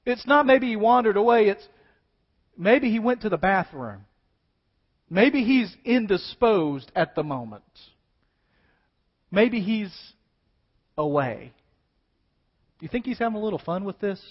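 A man preaching a sermon dramatically, swinging between loud declaiming and hushed asides. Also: high-pitched, animated, measured pace, pauses often. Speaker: pastor. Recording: dull sound with long reverb in a large hall.

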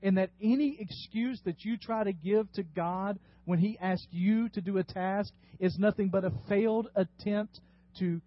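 A man's voice: sits high, highs cut off. A man preaching a sermon as pastor, earnest and exhorting. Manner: earnest, exhorting, rising to emphatic bursts.

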